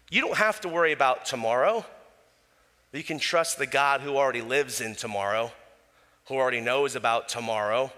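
A man preaching a sermon in a relaxed, conversational way, with casual asides and small chuckles. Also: medium pitch, long reverb tail. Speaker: pastor.

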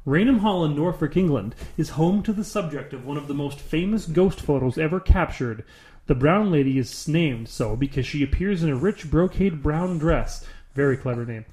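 A man's voice: on the high side, expressive, moderate pace, darkish tone. A young man co-hosting a podcast, reading a list aloud in a casual way with sarcastic, bored asides. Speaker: podcast co-host.

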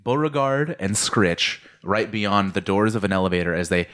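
A man's voice: lowish voice, lively intonation, normal speed, fairly bright tone, slight background noise. A man narrating as game master of a tabletop role-playing game, chatty and hesitant, with many fillers.

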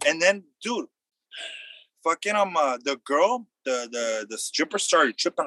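A young man telling a wild story in loose, slangy casual chat, acting out the quotes loudly. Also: fairly high pitch, animated, unhurried, no room sound.

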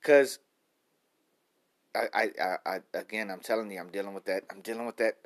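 A man in his late thirties talking to camera in a rambling, self-reflective daily vlog, repeating himself as he thinks out loud. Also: fairly low pitch, fairly even intonation, moderate pace. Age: 30s. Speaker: vlogger. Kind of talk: stream-of-consciousness daily vlog.

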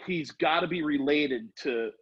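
Middle-aged male storyteller, husky, rambling and animated, muffled lo-fi audio. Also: fairly high pitch, measured pace. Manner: rambling, animated, acts out quotes. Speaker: storyteller guest. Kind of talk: casual storytelling. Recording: dull lo-fi sound.

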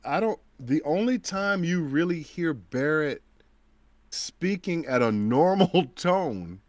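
A man's voice: fairly high pitch, slow pace, dry recording. A man, a voice actor and guest, chatting casually and telling stories, acting out the voices of people he quotes. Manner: animated storyteller who acts out quoted voices. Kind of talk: casual interview chat.

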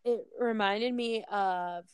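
Gushing young woman, smooth voice. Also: medium pitch, takes it slowly, dry recording. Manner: gushing, emphatic, hesitant with ums. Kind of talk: casual chat.

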